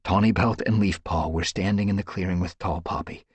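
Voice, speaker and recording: Male audiobook narrator, low husky voice, animated dramatic reading, dry sound. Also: fairly quick, no room sound. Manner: expressive, dramatic storytelling.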